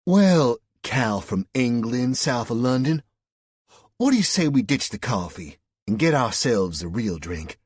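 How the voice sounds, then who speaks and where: A man's voice: medium pitch, big pitch swings, unhurried, husky, no room sound, clean studio sound, voice pushed up. A man voicing a flirtatious, sarcastic woman from West Virginia with a Southern drawl, teasing and fond of pet names. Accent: American Southern.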